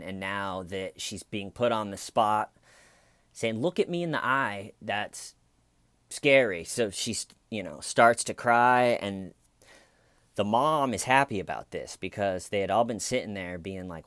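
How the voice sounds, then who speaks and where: A man's voice: on the low side, a bit bright, no echo, studio quality. A man hosting a comedy channel, giving sarcastic true crime commentary with sighs and mocking asides. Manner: sarcastic, sighing, quoting people in mocking voices.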